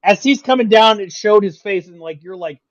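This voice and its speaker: A man co-hosting a casual sports talk stream, excitable, laughing often and swearing casually. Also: high-pitched, moderate pace, highs cut off. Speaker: co-host.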